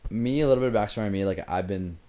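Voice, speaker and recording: A man's voice: lowish voice, rapid-fire, dark tone. A young man co-hosting a podcast, chatting casually with jokes and teasing. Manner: joking, teasing, casual swearing. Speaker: podcast co-host.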